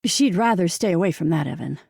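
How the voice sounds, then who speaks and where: A woman narrates a novel for an audiobook, reading a script at a calm, measured pace. The voice sits fairly low and sounds dark and mellow with gravelly fry. It's a dry, close-miked studio recording with no room sound.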